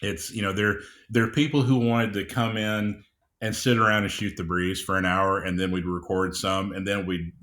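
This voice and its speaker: A middle-aged man speaking as an audiobook producer and guest, talking in a measured, unhurried way with frequent "uh"s and restarts. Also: sits low, little pitch movement, a bit bright. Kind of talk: casual interview chat.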